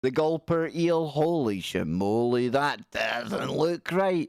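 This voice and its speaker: A man's voice: medium pitch, lively intonation, takes it slowly, gravelly, no echo, clean studio sound. A man hosting a live stream, chatting casually and joking as he reacts to pictures. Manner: jokey, reacting aloud to pictures with quips. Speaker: livestream host.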